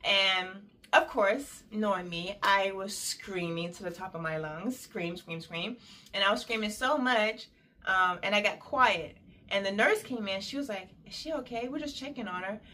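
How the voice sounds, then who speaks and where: Woman, young adult, casual storytime, chatty, animated, mid pitch. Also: unhurried. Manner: chatty, animated, acts out quotes. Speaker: storyteller vlogger.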